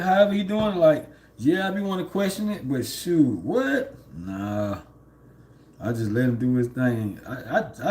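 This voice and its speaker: A man's voice: a little high, a little mellow. A man, livestreaming from home, rambling in a laid-back way with lots of fillers and laughs. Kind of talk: casual spiritual monologue.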